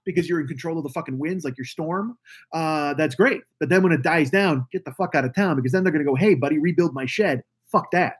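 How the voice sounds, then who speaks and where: A man with a fairly high, slightly breathy voice hosts a live stream, greeting viewers over a webcam mic. He rambles in a chatty way and swears casually throughout.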